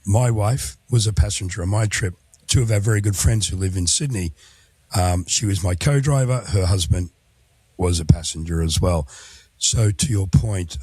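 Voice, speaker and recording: A very low-voiced man hosts a conversation about travel, speaking in a measured, reflective way with small fillers. His voice sounds dry and close, with little room around it. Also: a little mellow, breathy edge, no room sound. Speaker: interview host, former tour guide. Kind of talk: conversational interview.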